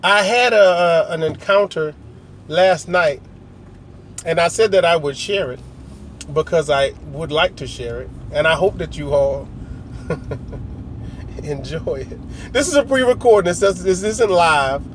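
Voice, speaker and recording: Rambling, joking man, higher voice. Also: expressive, a little slow, pauses often, a little hiss or hum. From United States. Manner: rambling, slangy, jokey, acts out other people's lines. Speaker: vlogger. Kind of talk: casual storytelling monologue.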